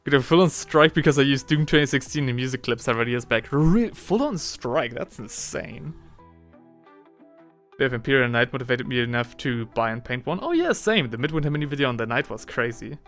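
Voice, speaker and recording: A young man chatting casually on a live stream, rambling with lots of fillers and slang, and getting excitable at times. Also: mid-range voice, quick pace, hardly any pauses, faint music behind. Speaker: livestreaming miniature hobbyist.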